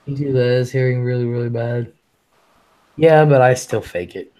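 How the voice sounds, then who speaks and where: Blunt, fast-talking man hosting a live stream. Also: mid-range voice, steady tone, mellow. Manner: blunt, swears freely, reads chat aloud; talks fast. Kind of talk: casual live-stream chat.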